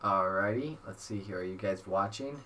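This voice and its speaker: A man hosting and calling a simulated car race on a headset, excitable play-by-play that rises to near-shouts during the action. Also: low-pitched, moderate pace, slight background noise. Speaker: race commentator and host. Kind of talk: sim racing play-by-play commentary.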